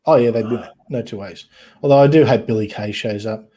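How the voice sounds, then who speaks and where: A man hosting a casual online chat show, rambling and halting with many ums and restarts. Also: lowish voice, mellow. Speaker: podcast host.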